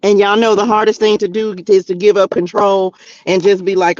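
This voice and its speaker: A man hosting a spiritual livestream, preaching casually and talking straight to his viewers in animated slang while reading tarot cards. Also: high voice, normal speed, dry recording, dull audio. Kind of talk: casual preaching to a live chat. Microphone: streaming mic.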